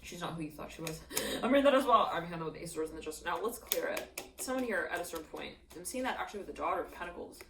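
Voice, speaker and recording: A woman's voice: lowish voice, lively intonation, rapid-fire, a bit bright, slight background noise. A woman giving a channeled tarot reading in a loose, rambling way, acting out quoted voices as she goes. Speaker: tarot reader. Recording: echoey room, mic at a distance.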